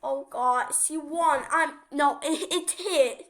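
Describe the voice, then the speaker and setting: A woman's voice: high-pitched, takes it slowly, few pauses, a bit bright. A woman giving casual gameplay commentary to her viewers, playful and full of whiny complaints about the game. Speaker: gameplay video host.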